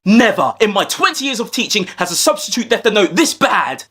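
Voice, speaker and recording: A man's voice: high-pitched, big pitch swings, fairly quick, very noisy, pitched above the performer's own voice. A man voicing a pompous middle-aged male substitute teacher who lectures sternly and indignantly.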